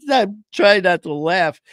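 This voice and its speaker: His voice sits high and sounds a bit bright and animated, though he speaks slowly, as he hosts a streamed talk show full of rambling, casual stories. He leans on fillers, swears some, and laughs at his own jokes, captured through a home streaming setup with studio quality and no room sound.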